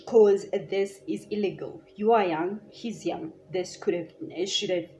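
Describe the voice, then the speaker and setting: A woman's voice: medium pitch, measured pace, dark tone, a little hiss or hum, lightly acted. A woman voicing a blunt police officer lecturing her in a retold story.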